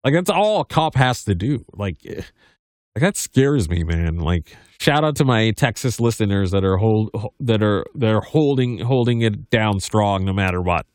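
This thirtysomething podcast host has a lowish, animated voice at a normal speed, recorded cleanly in a studio with no echo. He reads news aloud and then drifts into rambling commentary, full of stammered restarts and a heavy reliance on "like".

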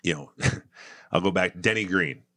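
A man's voice: deep voice, a little slow, pushed and bright, no room sound, studio quality. A middle-aged man talking earnestly as a podcast guest, rambling with fillers and restarts. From United States. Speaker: political candidate and guest. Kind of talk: casual podcast conversation.

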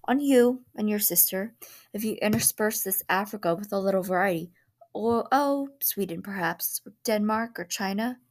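A woman voicing an anxious middle-aged father in a storybook reading, worried and firm, sometimes hushed. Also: mid-range voice, normal speed, close to an everyday voice. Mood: stern.

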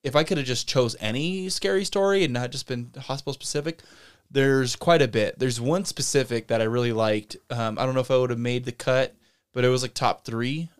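A podcast co-host with a smooth, mid-range voice talks a little fast in casual chat. He rambles as he retells a story, acting out the quotes in animated voices.

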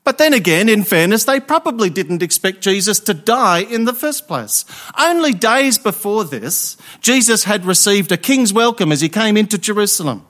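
High-voiced man preaching. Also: big pitch swings, a bit bright. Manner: emphatic, with rhetorical questions and pauses. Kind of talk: Easter Sunday sermon.

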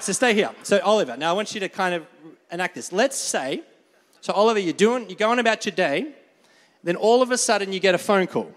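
A man's voice: high-pitched, a bit bright. A man preaching a conversational sermon, calling for amens and laughing often as he brings a volunteer on stage. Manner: conversational, asks the crowd for amens. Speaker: pastor. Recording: long reverb of a large hall.

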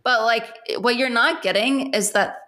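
With a fairly high, bright, forceful voice at normal speed, a young female podcast co-host chats casually, rambling, leaning heavily on "like," swearing freely and laughing often.

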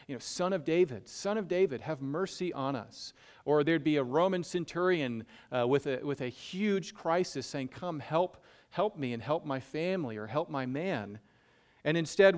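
A man with a Southern US accent preaching a conversational sermon, folksy and self-deprecating, often repeating a point for emphasis. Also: mid-range voice. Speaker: pastor.

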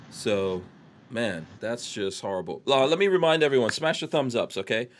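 A man's voice: mid-range voice, animated, moderate pace. Casual male podcast host reading comments. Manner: reads viewer comments aloud. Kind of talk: casual live-stream chat.

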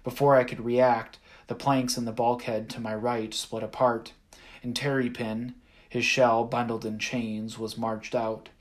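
A man reading a first-person audiobook in a measured, even storytelling manner. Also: mid-range voice. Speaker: audiobook narrator.

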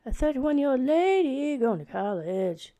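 A woman's voice: high-pitched, sing-song, unhurried, dark tone. A woman in her thirties chatting casually on her own podcast, rambling and restarting, with lots of filler words. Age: 30s. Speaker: podcast host. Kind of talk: casual solo podcast chat.

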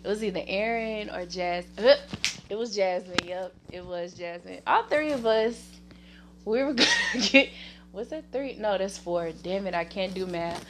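A woman with a Southern US accent hosting her own podcast, rambling casually, laughing often and giving shout-outs to family and friends. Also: medium pitch, lively intonation, normal speed, slight background noise. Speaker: podcast host. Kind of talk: casual solo podcast chat.

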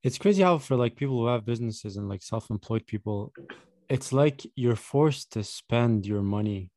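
A man's voice: medium pitch, lively intonation, moderate pace, darkish tone, no echo, studio quality. A young man co-hosting a podcast, laid-back and blunt, swearing casually. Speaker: podcast co-host. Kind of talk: casual chat.

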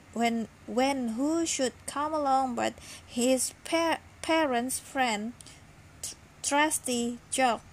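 A woman's voice: high-pitched, rough recording. Sleepy woman reading a bedtime story. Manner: sleepy, slow and gentle, with small stumbles. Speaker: podcast host reading stories.

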